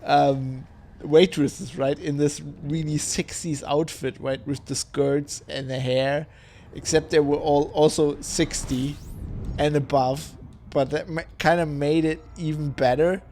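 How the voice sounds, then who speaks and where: Male streamer, tipsy, loose chatty rambling, swears a lot, slightly high voice. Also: fairly even intonation, measured pace, darkish tone, slight background noise. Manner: rambling, laughs often, swears. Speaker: live streamer. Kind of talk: casual chat.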